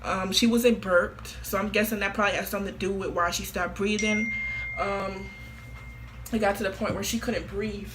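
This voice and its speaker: A woman's voice: medium pitch, steady tone, moderate pace, noisy background. A woman talking casually to camera in an offhand, slangy and repetitive way. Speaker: vlogger.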